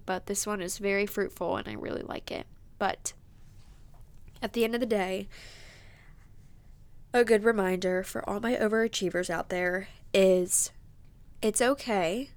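Early-20s woman on her podcast, sniffly and teary, lots of likes and ums, heartfelt. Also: medium pitch. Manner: emotional, tearful, many fillers and likes. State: sniffling, close to tears. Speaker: podcast host. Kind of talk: casual heartfelt monologue.

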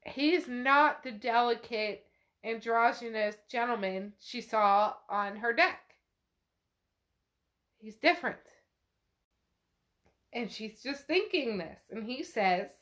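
A woman's voice: on the high side, animated, slow pace, long pauses, fairly bright tone. A woman podcast host casually retelling a novel chapter, chatty and swearing freely as she narrates what the characters do. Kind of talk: casual book recap.

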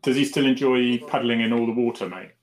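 A man's voice: mid-range voice, a little fast, crowd noise. A Cornish man in his fifties, hosting a casual chat in a rambling, chatty way and laughing often. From Cornwall, England. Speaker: host.

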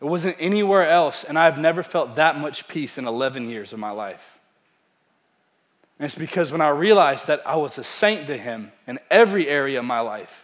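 Young male pastor, fairly high voice, animated storytelling sermon with self-deprecating humor. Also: moderate pace.

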